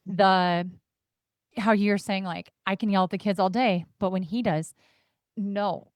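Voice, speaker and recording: A woman's voice: mid-range voice, steady tone, a little slow, a little mellow, smooth, no room sound. A woman guest on a podcast, talking candidly and thoughtfully, with many fillers. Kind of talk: podcast conversation.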